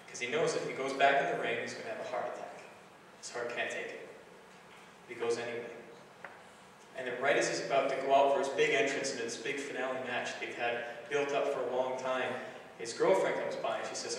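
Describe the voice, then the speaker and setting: A man's voice: mid-range voice, little pitch movement, fairly quick. A man preaching a sermon, retelling a film story in a casual, conversational way with filler phrases. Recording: echoey hall recording from far off, faint hiss.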